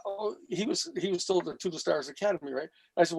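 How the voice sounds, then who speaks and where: A man's voice: high voice, fast talker, creaky, no room sound. A man guest on a panel show, telling long stories and acting out quoted speech with blunt, salty language. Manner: animated, acts out quoted speech with profanity. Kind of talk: storytelling in a panel discussion.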